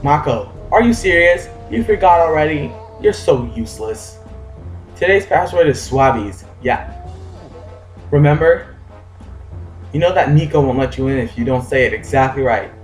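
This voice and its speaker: A man's voice: fairly high pitch, lively intonation, normal speed, reverberant, soft background music, close to an everyday voice. A man voicing a young pirate sailor who mocks his forgetful brother impatiently. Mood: mocking. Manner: mocking, impatient.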